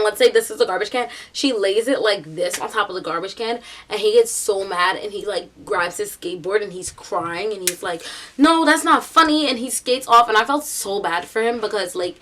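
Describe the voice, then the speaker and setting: A woman's voice: mid-range voice, moderate pace, a little hiss or hum. A young woman with a New York accent telling a story casually, full of "like" and "um", bringing the people in it to life. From United States. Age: young adult. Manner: chatty, animated storytelling with quoted voices; many fillers like "like" and "um". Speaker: vlogger.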